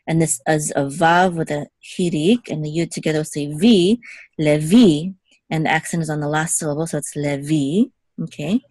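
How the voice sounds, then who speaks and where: A young woman with a low voice leads a patient one-on-one Hebrew lesson, spelling out letters and vowels. She checks in often with her student. The recording is dry and close. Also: brisk, few pauses, a little mellow, no room sound. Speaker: Hebrew teacher.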